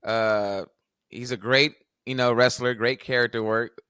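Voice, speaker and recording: A man co-hosting a podcast in a relaxed, slangy, offhand casual chat. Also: medium pitch, a little slow, clear, resonant tone, dry recording, clean studio sound. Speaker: podcast co-host.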